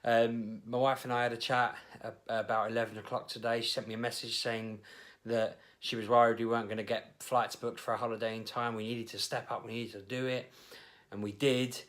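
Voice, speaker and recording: A man's voice: mid-range voice, flat delivery, a little fast, a bit bright. A man telling a story to camera in a rambling, chatty way, with fillers and restarts. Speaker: vlogger, host of the show.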